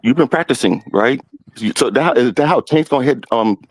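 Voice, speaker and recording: A man's voice: mid-range voice, expressive, fairly quick, low-quality recording. A man in casual banter on a livestream panel, with an everyday mid-range voice. He teases another guest playfully and keeps circling back to the same mocking questions. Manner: teasing, repeats questions to needle.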